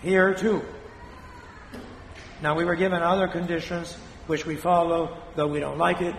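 An older man from Spain, a priest preaching a sermon in a blunt, scolding way with dramatic pauses, his voice still weak after a fall. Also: fairly high pitch, flat delivery, gravelly, slight background noise. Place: church. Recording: echoey hall from a distance.

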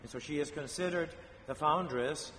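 A male priest telling a saint's story in a homily, slow and measured, with pauses and fillers. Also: a little high, fairly bright tone. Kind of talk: homily on a saint's feast day. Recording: long church reverb, faint background noise.

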